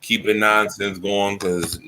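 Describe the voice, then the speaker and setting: A man's voice: on the low side, level tone, slow, sharp tone, slight background noise. A man hosting a casual sports talk show, emphatic and given to repeating himself. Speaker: show host.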